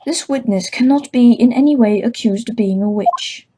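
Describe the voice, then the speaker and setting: A woman voicing a formal older male inquisitor in a game, reading his verdict slowly. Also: on the high side, dark tone, husky, poor audio. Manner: slow, declaiming.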